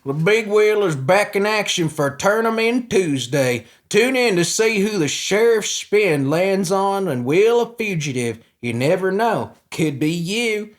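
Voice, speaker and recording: A man's voice: high voice, expressive, unhurried, hardly any pauses. A man voicing a boozy, potbellied male country sheriff with a put-on Southern drawl, smug and mocking. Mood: boastful.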